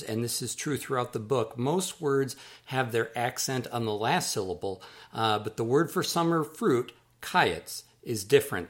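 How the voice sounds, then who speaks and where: A man who is an author, going through words one by one and slowly repeating each pronunciation. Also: medium pitch. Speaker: author teaching word pronunciation. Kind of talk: slow, careful pronunciation lesson.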